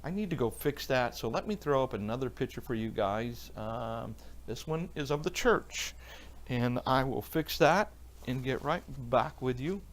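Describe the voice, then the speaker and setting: Chatty pastor livestreaming alone. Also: male voice, mid-range voice, animated, moderate pace. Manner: rambling, chatty, answers viewers by name. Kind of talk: casual livestream Bible talk reading chat. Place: church, alone.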